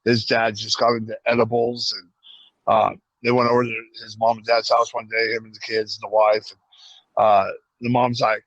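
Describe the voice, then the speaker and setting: A man's voice: medium pitch, normal speed, no echo, dull audio. A man co-hosting a casual podcast, telling stories and acting out voices as he goes. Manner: animated storyteller, acts out voices. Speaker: podcast co-host. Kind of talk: casual chat.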